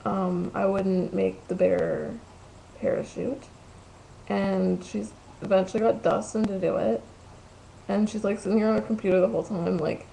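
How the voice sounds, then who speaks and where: A young woman talks into her home webcam, rambling, losing her thread and swearing freely. She sounds very tired, her voice heavy with gravelly fry. A faint hiss sits under the recording. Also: medium pitch, steady tone, moderate pace, dark tone, poor audio. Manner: rambling, loses track, crude swearing. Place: room at home. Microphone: webcam at the computer.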